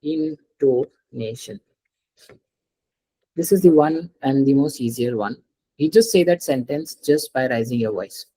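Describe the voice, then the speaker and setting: In a live online language lesson, a French teacher explains things step by step, repeats every example and often checks that the student understands. The voice is medium-pitched, unhurried and warm, though the audio is poor.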